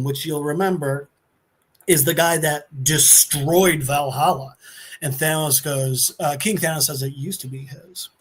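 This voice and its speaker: Animated man retelling a comic. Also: on the high side, measured pace, husky. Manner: animated storyteller, slips into voices. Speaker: podcast co-host. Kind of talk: casual comic-book recap.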